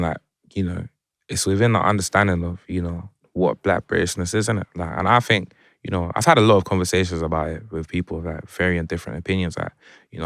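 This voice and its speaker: Deep-voiced London man, Jamaican twang. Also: gravelly, fairly bright tone, no room sound, studio quality. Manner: reflective, laid-back, heavy with filler phrases. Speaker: guest musician. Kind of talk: casual conversation.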